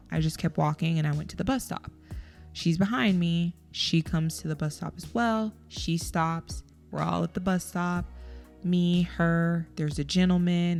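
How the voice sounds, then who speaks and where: Gravelly low-voiced woman telling a story. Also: darkish tone. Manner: chatty, rambling, heavy use of "like". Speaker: podcast host. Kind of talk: casual solo podcast storytelling.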